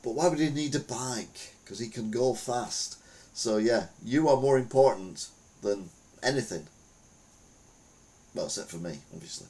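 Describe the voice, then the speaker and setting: Man, podcast host, casual news chat, wry rambling asides, mid-pitched voice. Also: animated, unhurried, darkish tone. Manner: rambling, wry, self-mocking jokes with filler-heavy asides.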